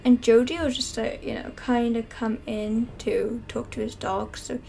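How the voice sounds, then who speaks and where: A woman's voice: fairly high pitch, little pitch movement, a little slow, creaky, mellow, slight background noise. A woman casually narrating a game story with many fillers. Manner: chatty, filler-heavy with "like".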